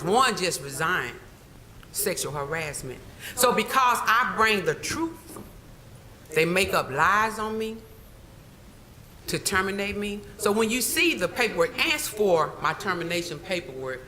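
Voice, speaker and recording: A woman's voice: fairly low pitch, poor audio. A woman giving an emphatic public comment at a board meeting, telling her story and repeating key phrases. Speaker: public commenter, former employee.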